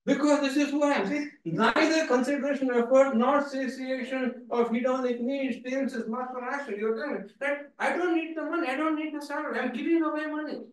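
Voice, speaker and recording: A man giving an animated, playful seminar lecture, emphatic and full of repeated "right?" tags. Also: very high-pitched, fairly quick, few pauses, slight background noise. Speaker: guest speaker. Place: lecture hall. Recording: echoey hall from a distance.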